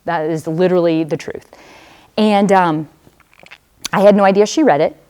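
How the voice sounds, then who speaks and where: Low-voiced woman telling her story. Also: moderate pace, a little mellow, smooth. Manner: conversational storytelling, speaks straight to the audience; casual fillers such as "like" and "um". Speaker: religious sister giving a talk to students. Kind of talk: personal testimony talk.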